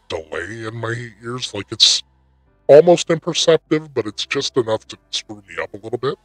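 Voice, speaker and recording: A man speaking through a voice-changer preset that makes him sound artificially deeper and more male, joking in a mock-serious way. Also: a bit bright, no echo. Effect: voice changer pitch shift.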